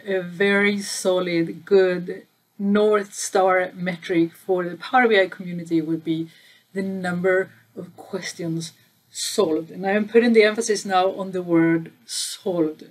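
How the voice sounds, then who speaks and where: Woman explaining business metrics to camera. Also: mid-range voice. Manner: conversational, stresses key words, asks viewers questions. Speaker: channel host and data trainer. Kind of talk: casual explainer video.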